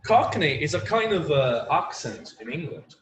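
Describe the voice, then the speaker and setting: A man's voice: on the high side, big pitch swings, normal speed, a little hiss or hum. A man teaching an online English class, native Portuguese speaker, chatty and full of "like" and "you know". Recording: echoey room with faint ambience.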